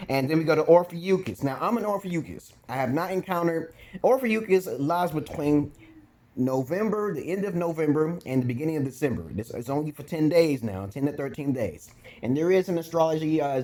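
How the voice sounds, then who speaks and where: A man's voice: fairly high pitch, dark tone. Blunt profane man from Brooklyn. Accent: New York. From Brooklyn, New York. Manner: blunt, profane, rambling asides; chewing gum while talking. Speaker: vlogger giving dating talk. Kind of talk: casual profane monologue to camera.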